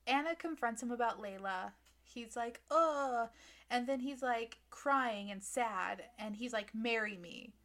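A woman's voice: fairly high pitch, measured pace, fairly bright tone. A woman co-hosting a podcast, chatting casually and sarcastically about a book, acting out the characters' lines with giggles. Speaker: podcast co-host. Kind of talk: casual chat recapping a book.

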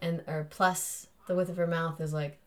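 A woman's voice: lowish voice, flat delivery, normal speed. A woman hosting a podcast, explaining a topic in casual, rambling chat. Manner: rambling, laughs often, uses filler "like". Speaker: podcast host.

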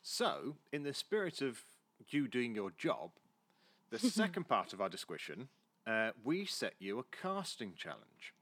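A man with a Southwest London accent hosting a podcast, friendly and hesitant, with many fillers, his sentences trailing off quietly. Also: mid-range voice, wildly swooping pitch, a little slow. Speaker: podcast host. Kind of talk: casual chat.

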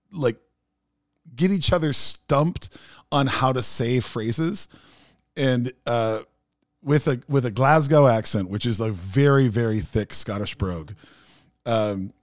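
A man's voice: mid-range voice, no room sound, clean studio sound. A man hosting a podcast, telling rambling stories in casual chat with lots of fillers. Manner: rambling storyteller, many fillers. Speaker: podcast host.

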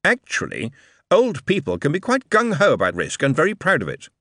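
Glib male con-man charmer, voiced by a male narrator. Emphatic, theatrical, lively swoops. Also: fairly high pitch, brisk, no echo, studio quality, voice pushed up, heavily acted. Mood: persuasive. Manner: persuasive, theatrical, raised and emphatic.

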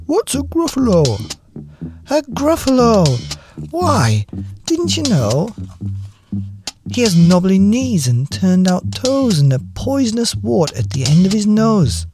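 A cheeky little storybook mouse voiced by a man, pitched high and lively, sounding quick-witted and a touch boastful. Gentle guitar music plays underneath. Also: exaggerated voice. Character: small clever boastful brown mouse.

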